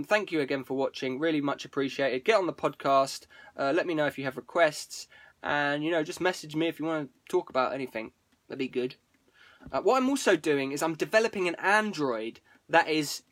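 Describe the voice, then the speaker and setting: A man's voice: on the high side, fairly bright tone, dry recording. A man hosting a live stream, rambling casually to viewers, swearing freely and breaking off his own sentences. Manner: rambling, sweary, self-interrupting.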